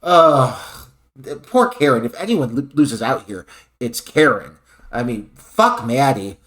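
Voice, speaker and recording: A man co-hosts a podcast, picking apart a film with sarcastic, profane asides. His pitch rises and falls a lot as he talks. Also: expressive, slow pace, a bit bright. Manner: sarcastic and wry, swears freely. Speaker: podcast co-host. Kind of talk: casual film discussion.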